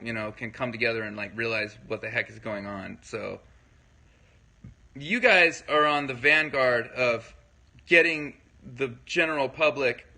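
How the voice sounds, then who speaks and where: On a low-quality recording, a man speaks at medium pitch with a pushed, bright sound. He's a livestream host talking casually with his viewers and answering their comments. His delivery rambles, leans on fillers, and keeps circling back to check in with listeners.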